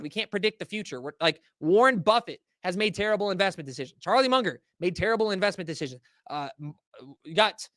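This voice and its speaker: A man's voice: sits high, pushed and bright, no echo, clean studio sound. A man hosting a livestream, ranting casually and profanely to his chat in slangy talk. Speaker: host. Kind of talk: livestream market rant.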